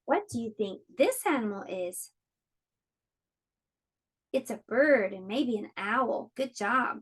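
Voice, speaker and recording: A woman teaching an online preschool lesson, speaking slowly and encouragingly to small children. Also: fairly high pitch, expressive. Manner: slow, encouraging, clearly explaining to small children.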